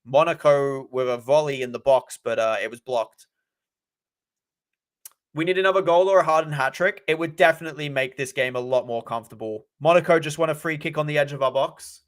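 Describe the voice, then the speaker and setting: A young man streaming a live football watch-along, excitable, often stammering and repeating himself. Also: a little high, fairly quick. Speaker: football fan livestreamer.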